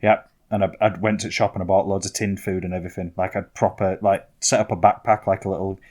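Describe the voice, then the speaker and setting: A man's voice: deep voice, little pitch movement, fast, darkish tone. A young man, co-hosting a podcast and telling rambling, self-mocking stories in casual chat. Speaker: podcast co-host.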